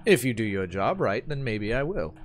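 A man's voice: mid-range voice, very animated, normal speed, voice pushed up, lightly acted. Man doing a narcissist demon boss, New York accent, haughty, impatient, sneering. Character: arrogant narcissist acting department head, condescending.

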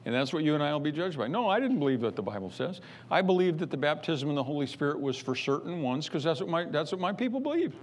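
A male pastor preaching a sermon in an emphatic, repetitive way, rising into loud bursts. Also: fairly high pitch, big pitch swings, fast talker, few pauses.

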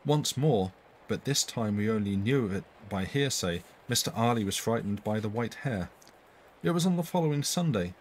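A man's voice: lowish voice, lively intonation, normal speed, a little hiss or hum, poor audio. A man reading a ghost story aloud on a live stream, lifting his voice for the quoted lines and correcting his own slips as he goes.

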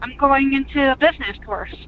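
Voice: high-pitched, a little fast. A young adult calling in to a show, chatting in a friendly, easygoing way. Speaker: caller. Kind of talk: friendly phone-in chat. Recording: dull phone-in line.

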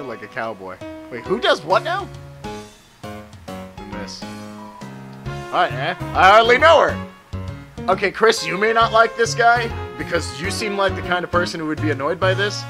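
A man's voice: a little high, sing-song, moderate pace, long pauses. A man giving casual let's-play commentary, joking, swearing and talking to the game's characters. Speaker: let's player. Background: game music.

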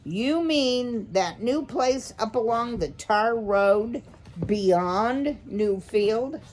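A woman's voice: fairly high pitch, animated, extremely slow, a little mellow, voice pushed up, exaggerated voice. A woman reading a storybook aloud, voicing a bossy, menacing male owl who demands and screeches impatiently. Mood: demanding.

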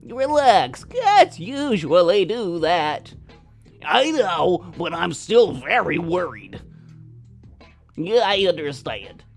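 A man's voice: high voice, sing-song, slow pace, faint music behind, heavily acted. A man voicing a kindly frail old grandfather in a video game, with a slight quiver in his voice.

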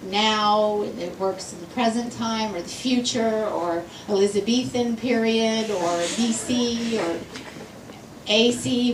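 A woman's voice: fairly high pitch, noisy background. A woman doing a stand-up comedy set in a club, sarcastic and irritated, with a playful edge. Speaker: stand-up comic. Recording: roomy club sound from far off, loud laughing crowd.

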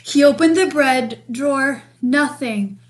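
A woman reading a picture book aloud in a bright, high voice. She paces the story slowly and lingers on each phrase. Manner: slow, expressive read-aloud delivery. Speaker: storybook reader.

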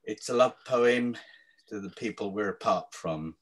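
A man giving a dramatic, expressive reading of his own poetry. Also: on the low side, a little slow, slight background noise. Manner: dramatic, expressive reading with sudden swings in loudness. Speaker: poet.

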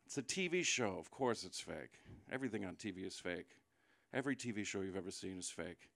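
A man doing live stand-up, sarcastic and mocking, with a bright, forceful voice. His pitch swings widely as he ramps into exaggerated rants. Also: expressive, a little fast, creaky, dry recording. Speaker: stand-up comedian. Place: live comedy venue.

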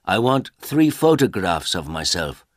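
A man's voice: low-pitched, sing-song, measured pace, no room sound, clean studio sound, exaggerated voice. A man voicing a poor old village man who is anxious and impatient, pleading in a raised voice.

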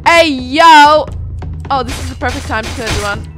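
A woman's voice: high voice, normal speed, music in the background. A woman hosting a gaming video, giving playful, teasing let's-play commentary and reading the chat aloud.

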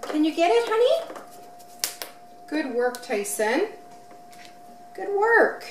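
Extremely high-pitched, with big pitch swings and a slow pace, a mother films herself playing with her toddler for an unboxing vlog. She coaxes him along with sing-song questions. The recording is roomy and distant, with a little hiss or hum.

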